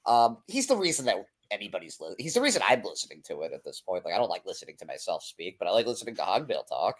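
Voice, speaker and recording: A man hosting a casual sports podcast, talking in an animated, rambling way. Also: lowish voice, rapid-fire. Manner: animated, rambling, self-deprecating. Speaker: podcast host.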